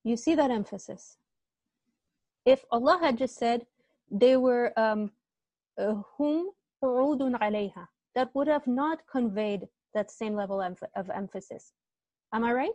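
A woman's voice: fairly high pitch, measured pace, a little mellow, dry recording. A woman teaching an online Arabic grammar class, explaining step by step and often checking with students, with a slight cough.

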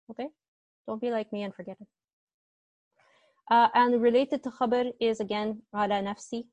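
A woman teaching Arabic grammar in an online class, chatty and quick to correct herself, often checking that the class agrees. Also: a little high, a little mellow, no room sound. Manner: chatty, self-correcting, asks class to confirm.

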